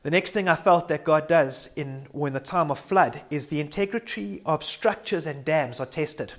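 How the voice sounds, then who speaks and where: Earnest and convinced, a male preacher moves through his sermon at a moderate pace in a slightly higher-than-usual voice. He reflects out loud, now and then faltering and repeating the start of a word.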